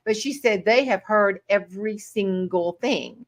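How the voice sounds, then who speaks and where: A woman host in casual conversation who tells stories in a chatty, easygoing way. Her voice sits at a middle pitch. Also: measured pace. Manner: chatty storyteller. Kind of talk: casual chat.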